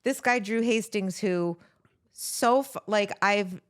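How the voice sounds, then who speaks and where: A woman's voice: mid-range voice, clear, resonant tone. A woman co-hosting a podcast in casual chat, reacting eagerly and laughing easily. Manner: chatty, reactive, quick to laugh. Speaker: podcast co-host.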